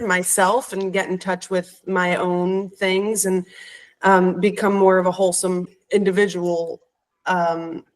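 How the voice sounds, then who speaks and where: Woman in her 30s sharing a story on a podcast, heartfelt, gets animated. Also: fairly low pitch, low-quality recording. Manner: heartfelt, animated when retelling. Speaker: podcast guest. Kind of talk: personal storytelling.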